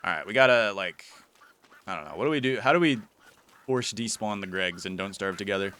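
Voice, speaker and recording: A man's voice: fairly low pitch, animated, fairly quick, sharp tone, slight background noise. A man giving casual, playful gameplay commentary as a YouTuber, teasing and chatting to the creatures in his game. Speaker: gaming YouTuber.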